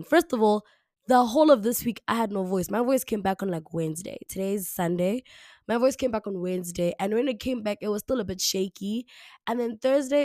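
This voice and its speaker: Recovering from the flu, this young South African solo podcaster sounds hoarse, slightly raspy, deeper and darkish in tone. Her casual talk is chatty and repetitive, packed with "like." The camera-mic recording, made alone indoors, is dry with studio quality.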